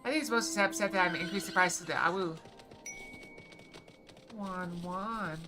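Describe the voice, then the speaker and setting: A woman chatting quickly and playfully to her live-stream viewers while gaming, sometimes reading game lines aloud. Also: on the low side, over music. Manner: fast-talking, bubbly, apologizes for talking too fast; reads game dialogue aloud.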